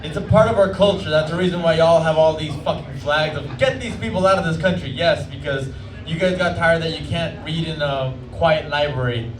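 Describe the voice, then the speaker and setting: A man from Mexico doing a brash, trash-talking stand-up set in a fairly high voice. The mic catches him from a distance. The club is echoey, with noise hanging in the room. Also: brisk. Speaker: stand-up comedian. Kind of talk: stand-up routine. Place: comedy club stage.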